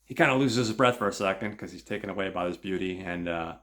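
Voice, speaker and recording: A man's voice: low-pitched, fast talker, fairly bright tone. A man hosting a show, casually retelling a film plot in a rambling way with many filler words.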